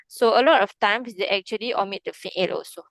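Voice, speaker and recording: A woman's voice: medium pitch, fairly quick, no echo. A woman teaching an Arabic grammar lesson online, patiently checking in with her student by asking "okay?" and "right?".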